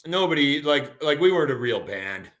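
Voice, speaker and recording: Laid-back Western Canadian singer. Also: male voice, on the high side, big pitch swings, normal speed, fairly bright tone. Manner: easygoing storyteller, laid-back, says man and dude. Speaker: guest singer. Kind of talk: casual interview chat.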